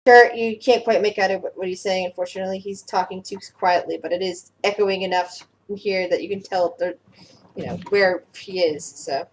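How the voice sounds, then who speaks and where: A woman's voice: mid-range voice, fairly even intonation, normal speed, rough recording. A woman running a tabletop game as game master, describing scenes with many fillers and restarts.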